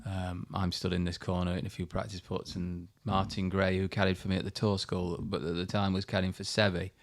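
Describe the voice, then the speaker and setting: Animated man telling a story. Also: deep voice, a little fast. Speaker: guest, former pro golfer. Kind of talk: casual podcast storytelling.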